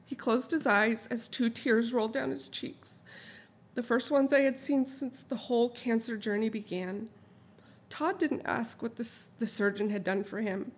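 A middle-aged woman reading her own memoir aloud in an earnest, heartfelt, steady way. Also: a little high, husky. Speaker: memoir narrator.

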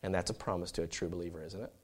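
A man's voice: deep voice, steady tone, very fast. Chatty storytelling male preacher. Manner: conversational, storytelling, many fillers and restarts. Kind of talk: sermon.

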